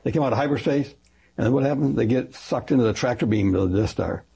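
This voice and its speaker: An older man, a retired pastor, tells his story in an interview with a quick, medium-pitched voice that is creaky and a little breathy. He rambles, corrects himself, and animatedly acts out the voices of the people he quotes.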